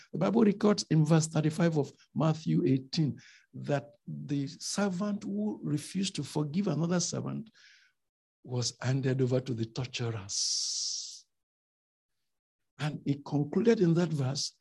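Gravelly, husky preacher man. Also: on the high side, a little slow. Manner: emphatic, rhetorical questions, swings loud and soft. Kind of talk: sermon.

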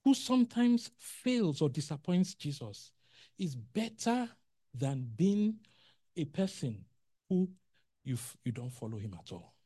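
A preacher giving a sermon in an animated way, acting out quotes and asking the congregation questions. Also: medium pitch, unhurried, husky, no room sound, studio quality.

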